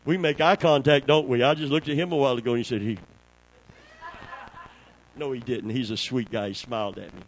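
A mid-range, slightly fast voice belongs to a man with a Southern American accent preaching to a small church congregation, pausing often. He prompts responses and builds folksy stories to fervent peaks, over a low-quality recording with a little hiss or hum.

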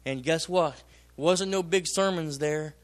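Male pastor, sermon, loud slow emphasis, folksy storytelling, somewhat high voice. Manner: preaching with loud emphatic bursts and slow drawn-out phrases; folksy, plain-spoken, tells personal stories.

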